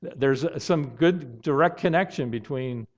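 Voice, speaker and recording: A man preaching a sermon in an earnest tone, now and then rising to loud, emphatic outbursts. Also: medium pitch, moderate pace. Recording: dull lo-fi sound.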